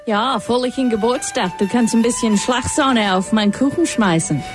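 A woman's voice: on the high side, normal speed, faint music behind, close to an everyday voice. Woman doing a sultry German lady. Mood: teasing. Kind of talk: mock German ad read.

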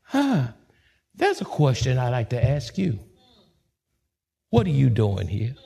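A male pastor preaching a sermon, repeating his points and swinging between a hushed near-whisper and sudden raised questions. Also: mid-range voice, huge pitch swings, slow, gravelly, slightly rough. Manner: repetitive, rhetorical preaching.

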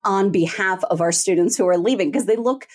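A female teacher co-hosting a casual chat, telling animated, emotional stories and laughing often. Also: medium pitch, fairly quick. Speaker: co-host, teacher.

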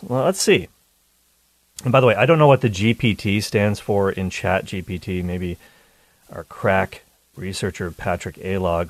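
A man's voice: fairly low pitch, no room sound. Chatty man hosting radio talk. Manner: chatty, self-interrupting with playful asides. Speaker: radio talk show host. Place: radio studio. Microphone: studio mic.

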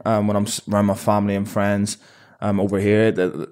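A man in his twenties with a Northern Irish accent, answering interview questions in a relaxed, rambling way with many fillers. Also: fairly low pitch, a little fast, clear, resonant tone. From Northern Ireland. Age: 20s. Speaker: professional boxer, guest.

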